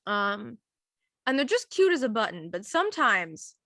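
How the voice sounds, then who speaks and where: Casting note: young woman, bright and animated, swoops all over her range telling a funny story, dry close sound. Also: mid-range voice, moderate pace, no echo. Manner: animated, acts out quoted voices, giggly. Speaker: podcast co-host. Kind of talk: casual storytelling chat.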